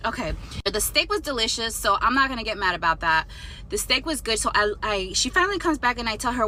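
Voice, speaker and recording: A woman telling a story in casual vlog style, blunt and profane, animated as she retells it. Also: high voice, brisk, slight background noise. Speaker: storytime vlogger.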